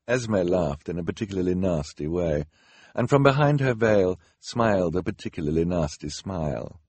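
Male audiobook narrator, low and husky, lively dramatic delivery, dry close recording. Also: moderate pace, dry recording. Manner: expressive storytelling with dramatic rises. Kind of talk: scripted narration.

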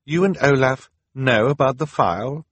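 A man's voice: mid-range voice, moderate pace, a bit bright, slightly rough, dry recording, voice pushed up. A man voicing a brave, clever young girl who speaks urgently with a raised voice.

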